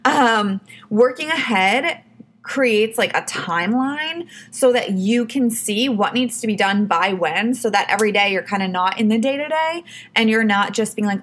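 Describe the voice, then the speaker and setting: Woman, podcast host, casual chatty advice, mid-pitched voice. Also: expressive, moderate pace, fairly bright tone. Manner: chatty, lots of "like" and "you know".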